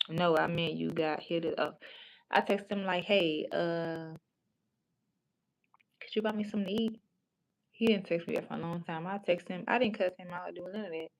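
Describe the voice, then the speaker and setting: A woman with a fairly low, creaky voice hosts a livestream and chats casually. She's blunt, frank and foul-mouthed, rambling along and restarting her sentences often.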